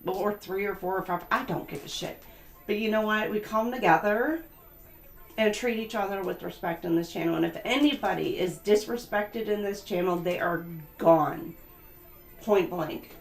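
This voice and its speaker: In an echoey room with background music, a tarot reader livestreams her reading at normal speed. Her medium-pitched voice is creaky, and she comes across as chatty, emphatic and blunt.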